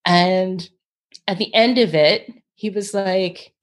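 A woman artist in her thirties, a guest in an interview, tells her story while acting out the people she quotes and laughing often. She speaks slowly in a mid-range voice.

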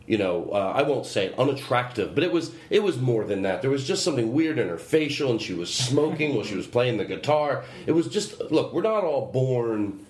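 A man's voice: medium pitch, big pitch swings, fairly quick, a little mellow. A man hosting a podcast in casual chat, telling a story in a rambling way that keeps interrupting itself. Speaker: podcast host. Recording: roomy with faint background noise.

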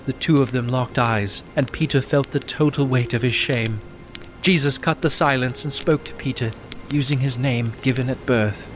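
A man narrating a Bible story in a measured, earnest way. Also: medium pitch, steady tone, slight background noise. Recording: narration over music.

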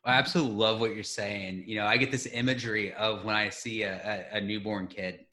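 A man's voice: fairly low pitch, fairly even intonation, brisk, sharp tone. A man hosting an interview podcast who speaks in an earnest, enthusiastic way and repeats his phrases. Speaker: podcast host.

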